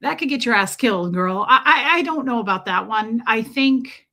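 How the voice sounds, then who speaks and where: A woman's voice: fairly high pitch, lively intonation, moderate pace, sharp tone. A woman hosting a casual livestream, chatty and joking, with sarcastic asides and lots of "like". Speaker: livestream host. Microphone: streaming microphone.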